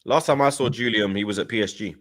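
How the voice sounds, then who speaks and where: A man hosting a casual football live stream, reading viewer messages aloud and breaking into loud, brash shout-outs. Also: lowish voice, fast talker.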